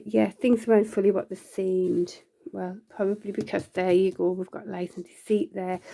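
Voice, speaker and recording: A woman's voice: mid-range voice, gravelly, mellow. A woman giving a casual, rambling tarot reading, full of fillers and restarts. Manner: laughs often between lines. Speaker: tarot reader.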